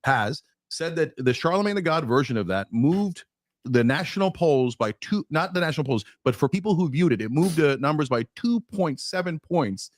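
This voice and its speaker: A man argues his point in a heated debate, insistent and quick, piling on figures. His voice sits somewhat high. The sound is dry and close. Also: lively intonation, no echo. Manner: insistent, rapid, stacks up figures. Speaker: political commentator.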